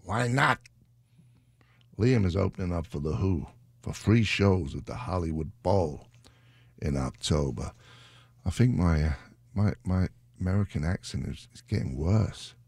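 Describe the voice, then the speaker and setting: A man's voice: deep voice, lively intonation, unhurried, gravelly, a little mellow, breathy edge, dry recording. A British man hosting a radio show, chatting casually in a rambling, self-deprecating way into a studio mic. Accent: British English. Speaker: radio DJ host.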